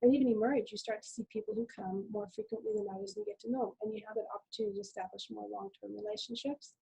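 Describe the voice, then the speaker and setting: A middle-aged woman nurse speaking as a webinar guest, calm and reflective, telling stories from her work. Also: mid-range voice, racing, creaky, breathy edge, low-quality recording. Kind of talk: conversational webinar talk.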